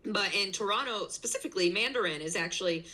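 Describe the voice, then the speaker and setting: A woman with a bright, forceful, medium-pitched voice talks quickly and casually about her zookeeping work as a guest on a stream, using plenty of fillers and "likes." She's on a low-quality video call, and she's not from the city she lives in.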